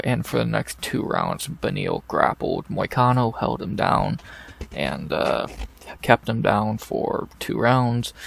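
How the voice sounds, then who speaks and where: Gravelly-voiced man ranting about fights. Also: medium pitch. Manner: blunt, profane, exasperated ranting. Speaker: MMA podcast host. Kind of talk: casual fight recap. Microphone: desk microphone.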